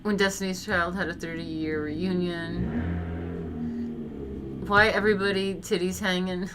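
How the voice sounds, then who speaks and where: Woman streamer, unhurried delivery, crude jokey asides, frequent laughter, faint hiss behind. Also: on the low side, fairly even intonation. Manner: laughs often, crude and joking. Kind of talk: casual reaction commentary.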